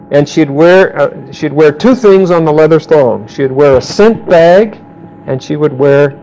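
A man teaching a Bible class, questioning his students and calling on them by name, slowing down to quote verses. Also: a little high, darkish tone, poor audio. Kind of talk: interactive Bible class lecture.

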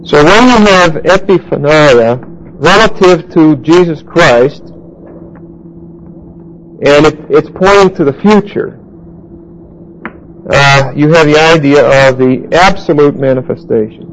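A man teaching a Bible class verse by verse, halting with fillers and restarts and putting questions to his listeners. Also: fairly high pitch, a little hiss or hum, low-quality recording.

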